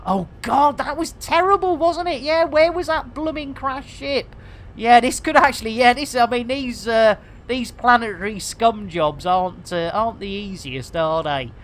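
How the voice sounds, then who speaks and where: A woman's voice: fairly high pitch, normal speed. Cheeky, sweary English woman streaming a game. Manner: cheeky, sweary banter full of British slang and rhyming slang; chatty, talks to viewers and reads chat aloud. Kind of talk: casual live-stream commentary.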